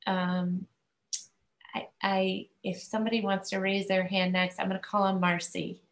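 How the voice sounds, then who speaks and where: A woman chairing a video-call meeting, giving a halting, emotional farewell tribute with many pauses. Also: mid-range voice, level tone, roomy sound. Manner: halting, many fillers, near tears. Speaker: school committee chair.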